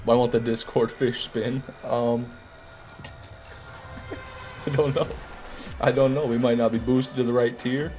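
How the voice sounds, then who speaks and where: A man's voice: medium pitch, flat delivery, unhurried, pauses often, a little mellow. A man hosts a game stream and talks loosely with his chat. His banter is sarcastic and full of jokes. Faint music plays underneath his voice. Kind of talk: casual live-stream commentary.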